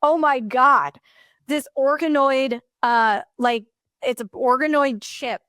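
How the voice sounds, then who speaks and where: A woman chatting as a podcast guest, excited and rambling, with many fillers. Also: sits high, slow pace, dry recording, studio quality. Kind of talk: casual chat.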